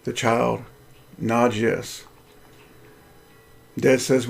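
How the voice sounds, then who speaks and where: Gravelly husky male host, earnest preacher-style reading of his own story. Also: mid-range voice, flat delivery, moderate pace, a little mellow. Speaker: Christian video host.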